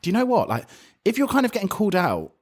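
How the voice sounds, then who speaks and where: A man co-hosting a podcast, chatting in a camp, animated way and swearing freely. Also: high voice, quick pace, breathy edge. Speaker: podcast co-host. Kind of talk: casual chat.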